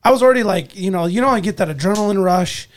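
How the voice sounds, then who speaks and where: A man telling a hunting story in casual chat, animated, acting out moments with loud and hushed swings. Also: sits high, fast.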